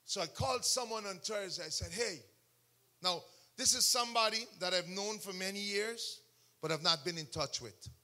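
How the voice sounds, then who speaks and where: A man preaching a sermon testimony, telling the story with animation, bursting into shouts and acting out what others said. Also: sits high, normal speed. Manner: acts out other people's words in quotes.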